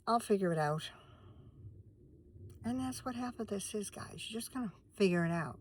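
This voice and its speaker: At night in her van, a minister and vlogger talks to the camera in a loose, rambling, chatty way, turning aside to talk to her dog. Her mid-range voice is a little mellow, at normal speed with long pauses, against slight background noise.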